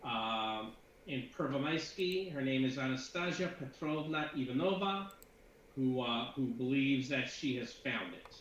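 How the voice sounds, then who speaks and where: A man's voice: mid-range voice, expressive, measured pace, a bit bright. A man narrating as game master for a tabletop game with his players, rambling with many fillers and restarts. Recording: echoey room, dull lo-fi sound, faint noise.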